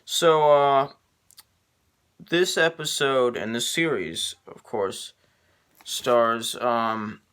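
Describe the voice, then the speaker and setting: A man giving an unscripted video review, halting and full of ums and restarts. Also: mid-range voice, fairly bright tone, smooth.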